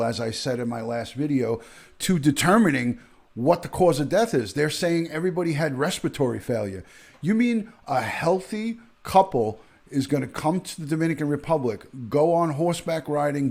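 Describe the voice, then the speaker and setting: A middle-aged man hosts a live stream and delivers a heated, outraged rant, hammering his points home while repeating himself and restarting sentences mid-thought. His voice sits a little high for a man and is a little mellow.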